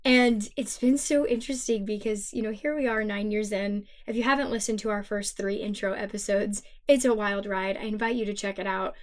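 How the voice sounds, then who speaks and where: A woman's voice: mid-range voice, fairly even intonation, brisk, hardly any pauses. A woman in her thirties co-hosting a spiritual podcast, speaking in an earnest, emotional and reflective way. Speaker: podcast co-host. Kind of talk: heartfelt spiritual podcast talk.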